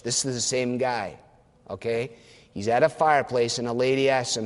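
A man preaching a sermon in an earnest, emphatic manner, repeating phrases and slowing down on key words. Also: mid-range voice, steady tone, big-room sound.

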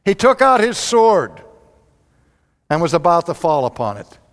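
A man preaching a sermon, telling the story dramatically, swinging from loud outbursts to hushed lows. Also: sing-song, a little slow. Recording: long hall reverb.

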